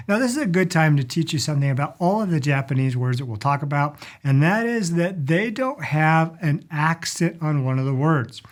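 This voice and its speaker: Man, somewhat high voice, middle-aged, casual teacher, friendly, repeats words slowly. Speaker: language and culture teacher. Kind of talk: casual instructional talk.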